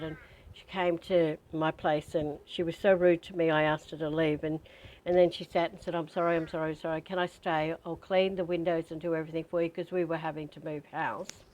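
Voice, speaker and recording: A spiritual teacher gives a guided spiritual training talk, chatty and candid, weaving stories with breathing prompts. Her voice is lowish with a darkish tone, and the audio quality is poor.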